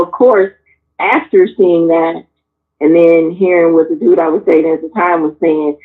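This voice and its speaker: A woman in her forties, frank and animated, telling personal stories on a talk panel and swearing freely as she acts out the people in them. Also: lowish voice. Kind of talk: candid personal storytelling. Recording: tinny phone-like sound.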